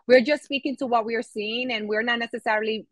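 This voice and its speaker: A woman's voice: on the high side, fairly even intonation, brisk, no echo. A young woman from the Dominican Republic, an activist guest speaking casually in an interview, full of "like" and "you know".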